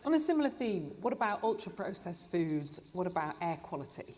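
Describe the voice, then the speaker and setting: Woman interviewer, lowish voice, teasing, bit of noise behind. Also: sing-song, a little fast, a little mellow. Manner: dry, teasing questions. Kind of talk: live conference conversation on stage.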